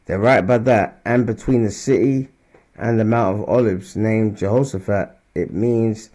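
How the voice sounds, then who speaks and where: A man's voice: on the low side, moderate pace, mellow. A man giving informal scripture teaching. He talks loosely and conversationally, keeps checking in with "all right?" and "man", and raises his voice when he reads verses aloud. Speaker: religious teacher.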